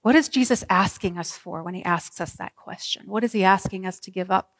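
A woman pastor preaching a sermon, telling the story vividly with dramatic pauses. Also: mid-range voice. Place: church sanctuary. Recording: reverberant church hall.

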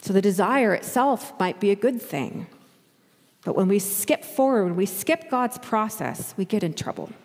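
A woman's voice: mid-range voice, lively intonation, normal speed, darkish tone, big-room sound. A woman pastor delivering a sermon in a conversational way, acting out the voices she quotes.

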